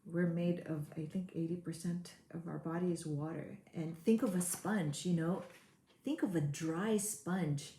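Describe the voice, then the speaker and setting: A woman's voice: on the low side, fairly even intonation, measured pace, dark tone, reverberant, slight background noise. A woman coach giving a motivational webinar, earnest and repeating key words for emphasis. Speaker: high performance coach. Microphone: webinar mic.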